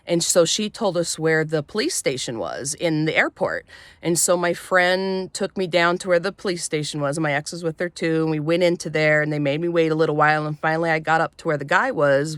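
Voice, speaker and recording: Low-voiced woman telling a personal story. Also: fairly bright tone, no room sound. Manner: emotional, halting, with many restarts. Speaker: vlogger.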